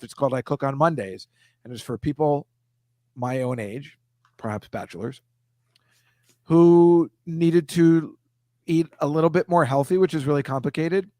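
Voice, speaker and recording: A middle-aged comedian hosts a casual video-call chat, rambling and poking fun at himself, with the occasional slide into silly voices. His voice is mid-range and a little mellow, recorded dry with clean studio sound.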